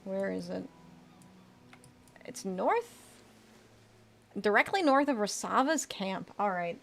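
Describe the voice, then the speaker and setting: Speaking slowly in a gravelly, expressive, medium-pitched voice with a bit of brightness, a woman streams a video game as a VTuber. Her commentary is casual, and she reads and answers chat while occasionally swearing.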